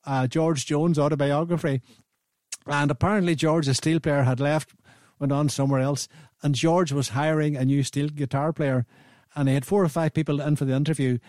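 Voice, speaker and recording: An Irish man in his seventies hosts a radio show in a rather high voice, recorded dry with no room sound. He spins a long, chatty anecdote, backtracking and restarting sentences as he goes. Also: steady tone, moderate pace, darkish tone, no echo. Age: 70s. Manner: rambling, anecdotal, with frequent restarts. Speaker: radio host.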